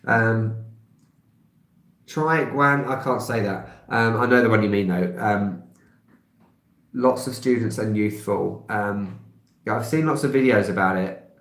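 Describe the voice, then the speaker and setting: A man's voice: on the low side, measured pace, pauses often, a bit bright. A man in his thirties with a London accent, chatting casually on a live stream and answering viewers' comments, rambling with many filler sounds and small laughs. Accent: London English. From England. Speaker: travel vlogger. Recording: roomy echo.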